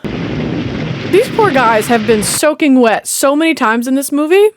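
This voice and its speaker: A woman's voice: high-pitched, big pitch swings, measured pace, background noise. A woman, chatting casually and talking back at a movie as she reacts to it. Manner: chatty, exclaiming, talks back to the screen. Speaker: reaction video host.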